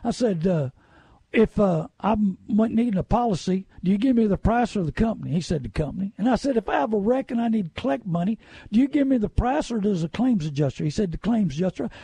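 A man's voice: high-pitched, animated, fast talker, vocal fry, warm tone, husky, no echo. A middle-aged man, hosting a talk radio show with folksy, indignant ranting. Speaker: radio host.

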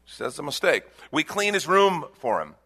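A man preaching a sermon as pastor, animated, acting out little voices. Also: fairly high pitch, brisk, husky.

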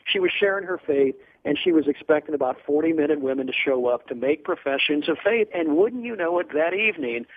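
Man, radio guest by phone, tinny phone sound, fairly high voice, earnest storytelling. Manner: earnest, animated storyteller with frequent fillers. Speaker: guest from a Bible ministry.

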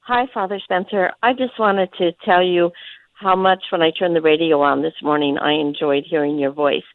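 A woman calling in to a radio show, speaking warmly and gratefully. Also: on the low side, fairly even intonation, moderate pace, no echo. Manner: warm, grateful. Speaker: caller. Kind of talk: call-in radio talk. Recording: dry phone line.

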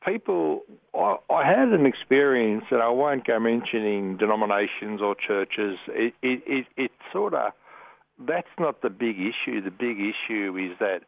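Australian caller, low gravelly voice, tinny phone line, rambling and friendly. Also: male voice, no echo. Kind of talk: call-in radio talk.

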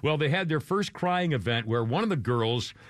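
A man's voice: on the high side, animated, normal speed, no echo. An older man hosting a radio show, rambling through a self-deprecating chat with chuckling asides.

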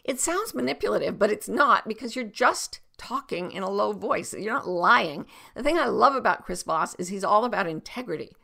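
A woman's voice: medium pitch, creaky, fairly bright tone. A middle-aged woman coach giving advice on a podcast, talking expressively, acting out example exchanges and sometimes dropping to a whisper.

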